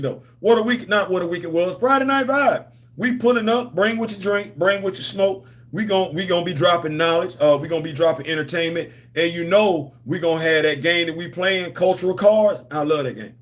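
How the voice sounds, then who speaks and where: Male host, higher than usual, AAVE, casual livestream rambling, playful banter. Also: fairly bright tone. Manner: loose, repetitive, playful banter with slang. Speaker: host of a comics and culture channel.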